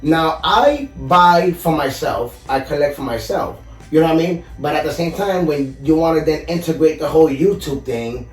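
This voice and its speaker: A man's voice: a little high, normal speed. A man guest on a podcast, earnestly telling a personal story in casual chat, often saying "you know". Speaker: podcast guest, collector and YouTuber. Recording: echoey room, far from the mic, faint music.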